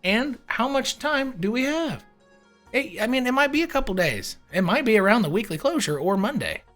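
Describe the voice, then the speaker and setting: A man giving casual screen-share commentary on crypto charts, animated and wry, with mock-panicked asides and casual swearing. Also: very high voice, normal speed, soft background music.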